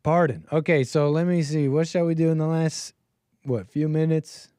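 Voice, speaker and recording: A man's voice: a little high, steady tone, moderate pace, dark tone, smooth, dry recording. Guy hosting a call-in stream, rambly and laughy, dry close sound. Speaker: call-in show host. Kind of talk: casual livestream chat.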